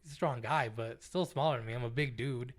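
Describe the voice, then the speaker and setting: A young podcast co-host tells a story in casual chat at a fairly quick clip, his voice medium-pitched. He's animated, swears freely, and acts out what people said.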